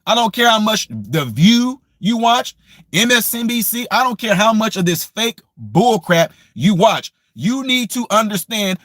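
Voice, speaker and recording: Combative high-voiced man ranting. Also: sing-song, unhurried, a bit bright, dry recording, clean studio sound. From United States. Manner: combative, mocking, repetitive. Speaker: political commentary vlogger. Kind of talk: ranting opinion monologue.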